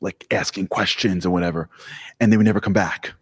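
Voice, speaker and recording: Animated man speaking in a hall. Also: low-pitched, fairly quick, breathy edge. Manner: animated, joking storyteller. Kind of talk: live talk to an audience. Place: hall with an audience. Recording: long hall reverb.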